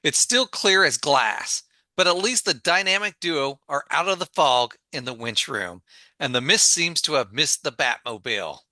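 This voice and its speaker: A male podcast host with a bright, forward voice that swings lively up and down as he introduces the show and recaps the plot with playful flair. The sound is close and dry. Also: a little high, normal speed, dry recording. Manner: animated, playfully dramatic.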